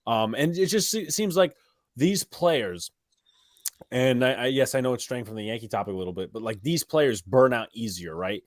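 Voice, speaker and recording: A man co-hosting a casual sports call-in stream, rambling through stats with quick asides and blunt remarks. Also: mid-range voice, expressive, no echo, studio quality. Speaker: co-host.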